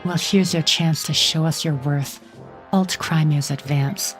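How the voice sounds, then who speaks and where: Lady doing a nasty sneering general lady, game villain, kinda low voice. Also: fairly even intonation, unhurried, soft background music. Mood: mocking. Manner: contemptuous, taunting.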